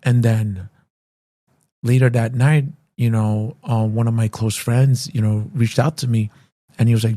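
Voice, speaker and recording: A man hosting a casual interview, talking in a halting way with frequent restarts and "you know" fillers. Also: medium pitch, steady tone, dark tone. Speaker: host and martial arts school owner.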